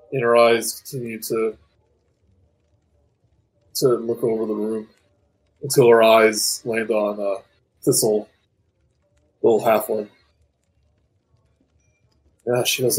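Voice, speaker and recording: A man narrating a tabletop game as game master, casual and halting with fillers. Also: lowish voice, flat delivery, slightly rough, low-quality recording.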